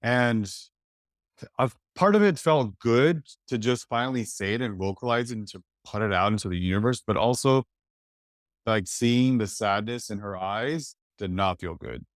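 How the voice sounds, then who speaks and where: A man from East Los Angeles, a podcast guest telling a personal story in a reflective, halting way full of "like". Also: fairly low pitch, dry recording, studio quality. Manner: reflective, halting, many "like" fillers.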